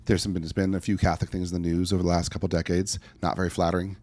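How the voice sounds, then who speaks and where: A man's voice: low-pitched, flat delivery, rapid-fire, a little mellow. A middle-aged man talking earnestly as a podcast guest, telling stories with acted-out asides. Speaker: podcast guest, life coach. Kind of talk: conversational interview answer.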